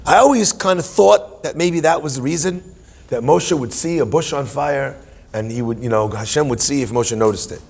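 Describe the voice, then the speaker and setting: A man's voice: on the high side, vocal fry, slightly rough. A man teaching a humorous Torah class in a playful, musing way, full of self-deprecating asides.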